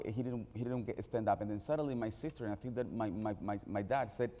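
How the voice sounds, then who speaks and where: A man with a mellow, relaxed tone tells a story to a panel audience. His words come haltingly, full of repeated starts. A long hall reverb trails behind him. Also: mid-range voice. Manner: halting, with many repeated restarts. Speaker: panel speaker. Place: event venue on stage.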